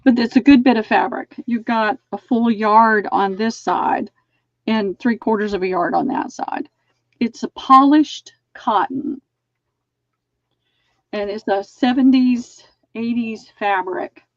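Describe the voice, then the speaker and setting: A woman's voice: fairly high pitch, slow pace, dry recording, dull audio. Chatty woman. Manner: chatty, measuring and describing items aloud. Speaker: online sale host. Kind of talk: live-streamed sale pitch.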